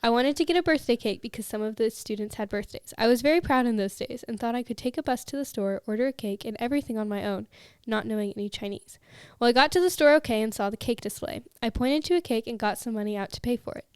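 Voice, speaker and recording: A woman co-hosting a podcast, reading listener stories aloud and chatting with a giggly, animated manner. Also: on the high side, quick pace, clear, resonant tone, no echo. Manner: giggly, animated when amused. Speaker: podcast co-host.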